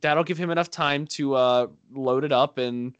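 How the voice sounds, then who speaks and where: A man's voice: mid-range voice, normal speed, clean tone, dry recording. A man in casual chat with friends, joking and mock-threatening, from a rural area.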